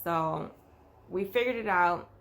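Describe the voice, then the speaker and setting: A woman's voice: on the low side, slow, vocal fry, a bit bright. A woman who works as a nanny, telling a story in a casual vlog, chatty and full of fillers like "like" and "you know".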